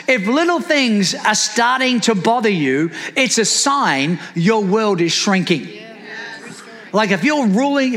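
A man's voice: very high voice, a bit bright, in a large hall. A man preaching a sermon as a pastor, calling out to the congregation with rising fervor.

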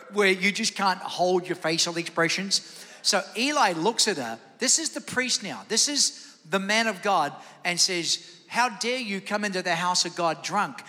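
Bright-voiced high male preacher in a hall. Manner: energetic preaching with call-and-response to the congregation. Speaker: pastor. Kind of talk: sermon.

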